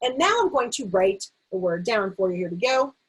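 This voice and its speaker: Husky woman, middle-aged, vocabulary lesson, stretches words slowly, teacherly. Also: mid-range voice, expressive, poor audio. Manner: slow, stretched-out word repetition. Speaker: literacy teacher.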